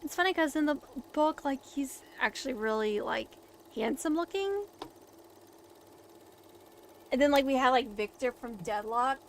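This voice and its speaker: A young woman casually chatting while reacting to a silent film, rambling excitedly and filling her talk with "like". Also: high-pitched, measured pace, pauses often, slight background noise. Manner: rambling and excitable, heavy use of "like".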